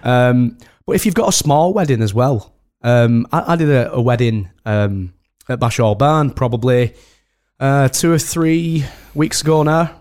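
A man's voice: medium pitch, unhurried, a little mellow. A man from the UK, a wedding host, chatting casually as a podcast guest in a rambling way full of restarts. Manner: rambling, many restarts and "do you know what I mean".

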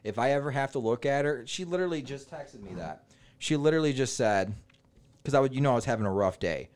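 A man's voice: medium pitch, fast. A man, a stand-up comedian, casually telling rambling, profane stories on a podcast. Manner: profane, rambling, animated retelling with quoted dialogue.

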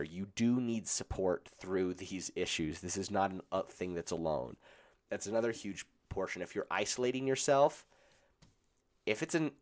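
A man hosting a solo podcast, his voice roughened by a cold, talking in an earnest, blunt and encouraging way. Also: lowish voice. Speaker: podcast host.

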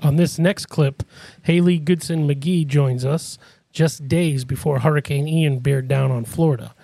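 A man introducing a podcast clip in a clear, informative way. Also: a little high, steady tone, unhurried, dark tone, dry recording. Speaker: podcast co-host.

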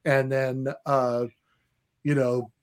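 A man co-hosting a casual podcast, telling long stories in a rambling, hesitant way with many pauses. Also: mid-range voice, level tone. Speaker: podcast co-host.

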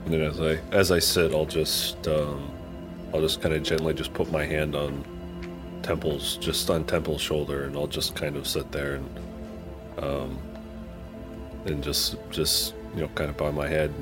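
A man playing his character in a tabletop game, speaking gently and in a measured way. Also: a bass voice, level tone, music in the background. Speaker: player. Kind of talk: tabletop role-play.

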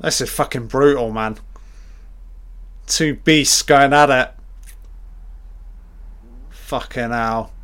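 Slow, smooth-voiced man swearing excitedly. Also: medium pitch. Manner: excitable, swears constantly, blurts reactions. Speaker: film commentator. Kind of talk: live film reaction commentary.

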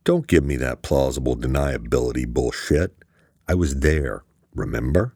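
A man voicing a gruff older male official on the phone in an audiobook, cursing and demanding. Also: very deep voice, moderate pace, darkish tone, no room sound, clean studio sound, exaggerated voice.

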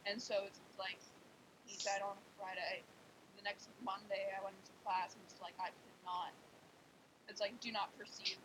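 Young woman venting over rumble. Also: little pitch movement, moderate pace, a bit bright, poor audio. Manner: venting, heavy use of "like". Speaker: storyteller in casual chat. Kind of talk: casual chat.

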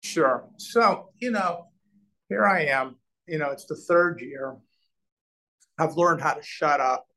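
A man in his sixties from Omaha, a real estate developer appearing as an interview guest, tells a long business story, animatedly acting out the quoted dialogue. His voice is on the high side and slow-paced, and the audio is poor.

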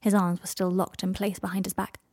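A woman's voice: medium pitch, level tone, a little mellow, dry recording. Woman reading a story, dry close sound. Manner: measured, unhurried phrasing. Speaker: narrator. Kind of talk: audiobook reading of fan fiction.

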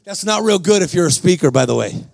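A man preaching a sermon, telling stories in a slangy, fervent way that rises to shouts. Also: high voice, lively intonation, quick pace, gravelly. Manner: storytelling, rising to shouts.

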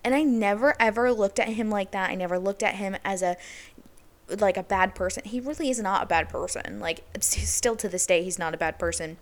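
A woman's voice: medium pitch, fairly quick. A young adult woman hosting a podcast, telling a personal story in a candid, casual way with lots of "like". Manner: candid, chatty, heavy use of "like". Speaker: podcast host.

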